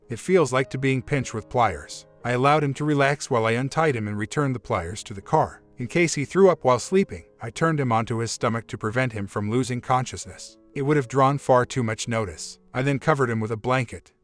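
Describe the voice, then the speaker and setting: A man narrating a first-person relationship story as scripted narration, in a steady, matter-of-fact reading. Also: medium pitch.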